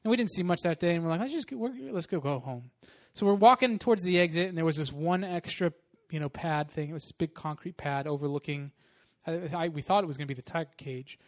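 Young male pastor, slightly high voice, casual and animated sermon delivery. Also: fast talker, few pauses. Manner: casual, animated storytelling with laughs.

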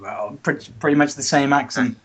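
Relaxed man explaining things with "um"s. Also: mid-range voice, fairly quick, over a noisy crowd. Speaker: guest. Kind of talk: casual conversation.

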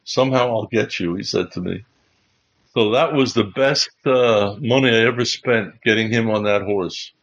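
A man hosting a livestream show, telling a funny story in an animated way and laughing as he goes. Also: on the low side, a little slow, lo-fi sound. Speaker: Bible teaching show host. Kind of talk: casual storytelling.

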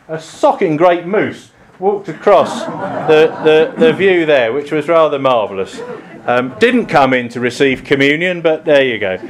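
Middle-aged English vicar, southern accent; relaxed, rambling sermon full of ums and restarts. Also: male voice, fairly high pitch. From England. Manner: chatty, self-deprecating, many ums and restarts. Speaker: priest. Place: church.

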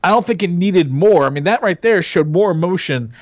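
A man in casual conversation, animated, laughing often and slipping into mimicry. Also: high-pitched, a little fast, dry recording, muffled recording. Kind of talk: casual chat.

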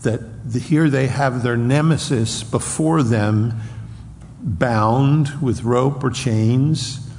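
A male preacher delivers a sermon at an unhurried pace. He speaks earnestly and at times acts out loud taunts from a crowd. His voice carries through a reverberant hall with faint ambient noise behind it. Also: medium pitch.

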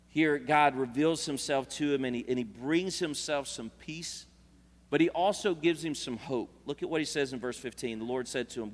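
A man's voice: on the high side, moderate pace, fairly bright tone. Earnest preacher man in echoing hall. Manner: earnest, conversational preaching with frequent restarts. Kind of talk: sermon. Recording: long reverb of a large hall.

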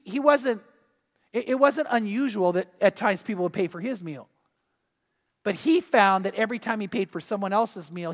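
A middle-aged man preaching a sermon as pastor, telling stories and acting out the people in them. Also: high-pitched. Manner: animated storytelling preacher, acts out quotes. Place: church sanctuary. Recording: long reverb of a church hall.

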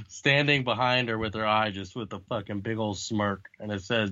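A man's voice: lowish voice, steady tone, moderate pace, pushed and bright, no echo, dull audio. A man casually chatting about a comic book, swearing often and laughing along. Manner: profane, laid-back, laughing often.

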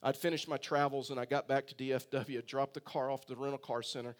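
A man's voice: mid-range voice, flat delivery, fast talker. A male pastor preaching a sermon in a conversational storytelling way, full of rhetorical questions.

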